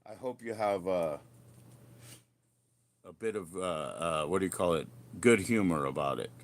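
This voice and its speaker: A man hosting a casual livestream, rambling from one joke to the next with crude humor. His voice sits somewhat low. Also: animated, a little slow. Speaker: livestream host.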